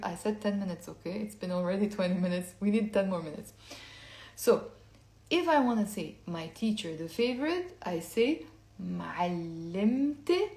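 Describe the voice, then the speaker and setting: Woman teaching slowly in an echoey room. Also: medium pitch, darkish tone. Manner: explains step by step, repeats words slowly for learners. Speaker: Lebanese Arabic teacher. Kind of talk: online language lesson.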